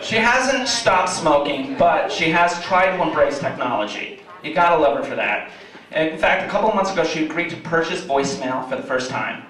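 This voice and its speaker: A young man performing a stand-up comedy set in a club, animated storyteller. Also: a little high, normal speed, some chatter behind. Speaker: stand-up comic. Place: comedy club in front of a live audience. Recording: echoey club, mic from a distance, audience laughing.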